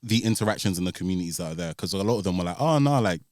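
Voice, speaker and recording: Deep-voiced man chatting. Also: rapid-fire, dry recording, studio quality. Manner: thoughtful, rambling with fillers. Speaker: podcast co-host. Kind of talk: casual chat.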